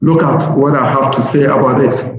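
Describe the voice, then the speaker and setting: A middle-aged man with a Nigerian English accent, giving a measured, deliberate academic lecture from slides. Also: medium pitch, fairly even intonation. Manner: measured, deliberate, slows to stress key points. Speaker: professor giving a seminar lecture. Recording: very echoey hall, dull lo-fi sound, faint noise.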